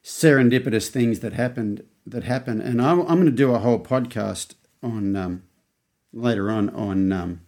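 A man in his fifties with an Australian accent and a gravelly, creaky edge to his voice talks through a podcast monologue. He rambles along, restarting his sentences and acting out the quotes in his own story. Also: mid-range voice, moderate pace, darkish tone. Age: 50s. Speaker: podcast host.

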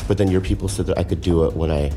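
A comedian telling casual, profane stories on a podcast, acting out quotes of others. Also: male voice, low voice, rapid-fire, faint music behind. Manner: animated, profane, acts out quotes.

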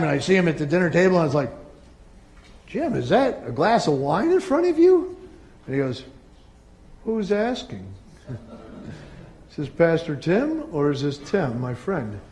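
A middle-aged male pastor preaching a sermon, swinging between loud emphatic peaks and quiet asides. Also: fairly high pitch.

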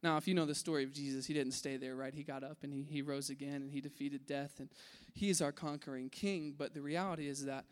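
A man with a high voice gives a relaxed, conversational sermon to a room full of people. He acts out voices in his story and swings from loud to hushed. His voice rings with a long hall reverb. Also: quick pace, few pauses, clear, resonant tone. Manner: animated, acts out voices in his story, drops to a hush at key points. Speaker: preacher. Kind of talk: casual sermon. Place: large room with an audience.

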